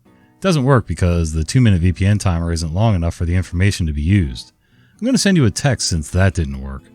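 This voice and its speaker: A man's voice: low voice, big pitch swings, fairly quick, darkish tone, soft background music. A man voicing a patient, weary male help-desk worker with polite, scripted phrasing.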